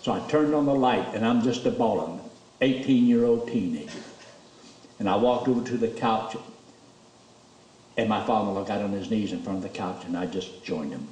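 Male preacher, lively storyteller, roomy church sound from a distance. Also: moderate pace, pauses often, a little hiss or hum. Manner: storytelling, animated, rises high when emotional. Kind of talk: sermon testimony.

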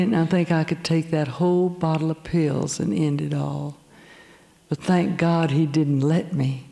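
An older woman telling her church testimony, animated and quick to laugh. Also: deep voice. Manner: animated storytelling, laughing often. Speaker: speaker giving a testimony. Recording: long hall reverb.

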